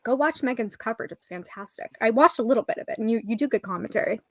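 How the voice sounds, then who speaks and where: A woman's voice: on the high side, expressive, fast talker, a bit bright. A woman guest on a casual live stream, speaking earnestly and with sympathy.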